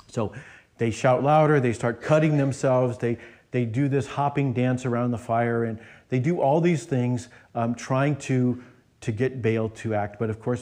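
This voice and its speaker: Mellow-voiced pastor preaching conversationally. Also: male voice, medium pitch. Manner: conversational, many restarts and fillers. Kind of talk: sermon. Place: church.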